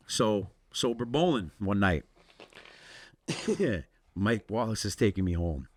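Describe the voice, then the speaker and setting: A man's voice: mid-range voice, expressive, a little slow, pauses often. A middle-aged man telling a story in casual talk, swearing freely and acting out both sides of the conversations. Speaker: podcast guest.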